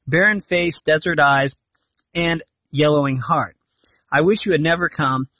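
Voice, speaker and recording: A man reading aloud from a storybook, voicing a rough, bitter middle-aged woman who scolds shrilly. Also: on the high side, measured pace, bright, forceful tone, no room sound. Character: rough, bitter woman in her middle years, fiery and tearful.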